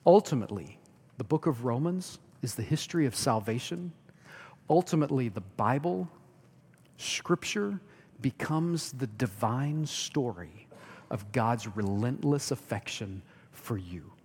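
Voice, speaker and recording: A man preaching a sermon as pastor, rising to loud emphatic lines and dropping to hushed near-whispers. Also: mid-range voice, animated, measured pace, slightly rough. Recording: long hall reverb.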